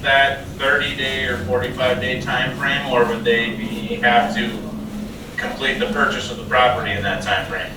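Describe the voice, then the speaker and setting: A man's voice: mid-range voice, little pitch movement, moderate pace, background noise. A man on a city board, joining a public meeting by remote call and speaking plainly and directly. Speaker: board member. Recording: very echoey, distant sound.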